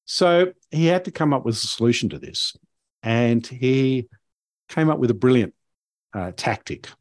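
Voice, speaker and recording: A man's voice: medium pitch, lively intonation, a little slow, no echo. A man hosting a podcast, telling a story in a casual, rambling way with many fillers and restarts.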